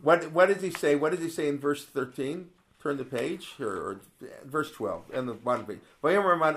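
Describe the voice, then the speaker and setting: A fairly high, animated voice, gravelly and a bit bright at normal speed, leads a conversational Torah text class. The teacher quotes Hebrew verses aloud, asks lots of rhetorical questions, and often wanders and restarts.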